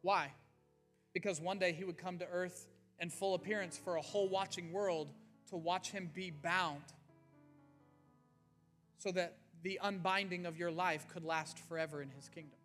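A man's voice: high-pitched, fairly even intonation, normal speed, a bit bright. A man preaching an earnest, conversational sermon to his church as its pastor. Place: church sanctuary. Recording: faint music underneath.

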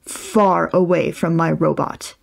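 A woman's voice: low voice, steady tone, slow pace, creaky, exaggerated voice. A woman voicing a sarcastic ten-year-old rabbit boy in a storybook reading, drawling and dry. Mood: bossy.

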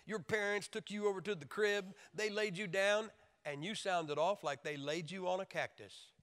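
Emphatic joking preacher man in a hall. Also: moderate pace. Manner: emphatic, joking, acts out crying babies in high shouts. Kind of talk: sermon. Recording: long hall reverb.

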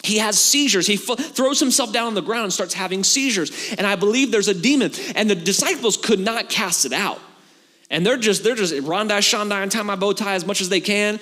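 In a church sanctuary full of long reverb, a man speaks a little fast in a high voice. He's a pastor giving a sermon, animatedly acting out dialogue as he tells the story with a relaxed, joking touch.

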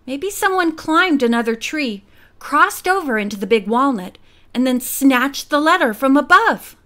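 A woman voicing a bold, excitable teenage girl who speaks quickly and eagerly. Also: sits high, heavily acted.

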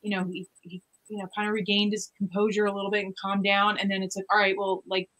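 Female guest, mid-range voice, animated and rambling casual storyteller. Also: medium pitch, quick pace, rough recording. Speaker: paranormal investigator.

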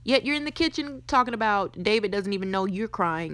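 A woman's voice: mid-range voice, expressive, brisk, fairly bright tone, no room sound. Blunt gossipy woman recapping TV. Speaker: podcast host. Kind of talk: casual TV recap commentary.

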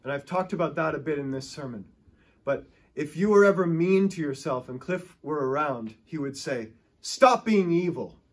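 A man's voice: on the high side, moderate pace, slightly rough. A male pastor preaching a sermon, telling stories with emphatic, rising and falling delivery.

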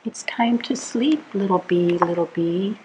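A woman reading a bedtime picture book aloud to children, gentle and soothing, asking the listener little questions as she goes. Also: mid-range voice, a little slow, slight background noise, rough recording. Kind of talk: read-aloud storytime.

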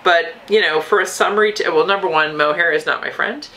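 Low-voiced woman in casual chat. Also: fairly quick, a bit bright, poor audio. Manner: chatty and meandering, frequent um and restarts. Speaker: podcast co-host at a yarn shop. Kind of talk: casual chat about knitting. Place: local yarn shop.

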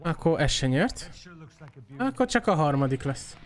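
A male streamer talking over his own gameplay in a relaxed, chatty way. His pitch moves freely as he reacts, often breaking into a laugh between remarks. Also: normal speed. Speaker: gaming streamer. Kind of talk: casual live game commentary.

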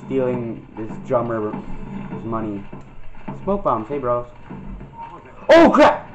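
This young man's voice sits in the middle range, and he speaks slowly with fairly flat intonation. He's a gameplay commentator doing a casual let's-play, cracking jokes, yelping, and doing silly voices as he plays. The dull, lo-fi mic also picks up the game music.

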